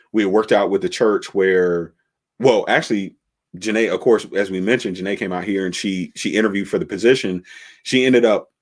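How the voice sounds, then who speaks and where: A man, a pastor, telling the story of his church's beginnings in a relaxed conversational way, with many fillers and restarts. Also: sits low.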